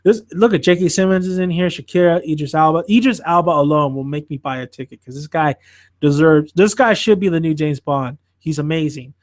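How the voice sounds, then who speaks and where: A man hosting a podcast, chatting casually and rambling about films in an excitable, profane way. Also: on the high side, a little fast, no room sound, studio quality. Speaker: podcast host reviewing films. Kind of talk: casual chat.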